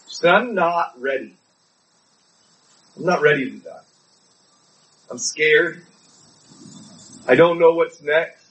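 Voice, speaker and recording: A man's voice: a little high, recorded from a distance, rough recording. A man preaching a sermon, telling a personal story in an earnest, pleading way.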